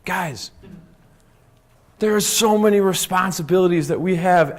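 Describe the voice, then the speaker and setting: A man giving a lively talk to a live conference audience, often checking in with "right?" and "okay?". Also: high voice, measured pace. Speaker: conference speaker.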